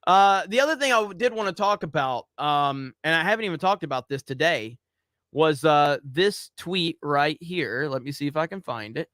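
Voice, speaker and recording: A man's voice: fairly high pitch, expressive, moderate pace, fairly bright tone, no room sound, studio quality. A man hosting a casual commentary show, talking in a sarcastic, mock-earnest way. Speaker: YouTube commentary host.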